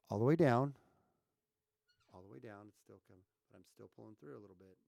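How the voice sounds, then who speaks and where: A man with a gravelly, creaky edge to his mid-pitched voice, talking loosely to his viewers during a home live stream. He chats, asks the chat if they can hear him, and tinkers with his mic. The sound is close and dry with no room echo. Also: quick pace, warm tone. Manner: chatty, talks to viewers, fiddles with mic levels. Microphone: streaming mic at home setup.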